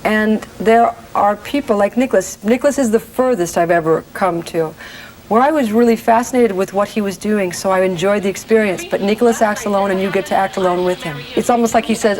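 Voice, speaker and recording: Woman in her forties, TV interview guest, earnest, halting, soft dark tone, faint background hiss. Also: medium pitch, low-quality recording. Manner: earnest, halting, many restarts. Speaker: guest actress. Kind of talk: casual TV interview.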